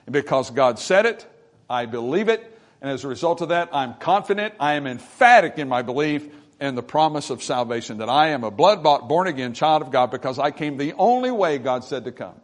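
A man's voice: fairly high pitch, expressive, brisk. Man preaching with rising fervor. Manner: preaching with wide swings from hushed to emphatic. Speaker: pastor. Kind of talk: sermon. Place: church sanctuary.

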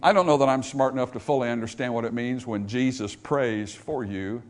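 A man preaching a sermon to a congregation, dropping to a hush for scripture and rising to loud emphasis. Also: mid-range voice. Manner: swings from hushed, drawn-out scripture quotes to loud, emphatic preaching. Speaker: pastor. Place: church in front of a congregation.

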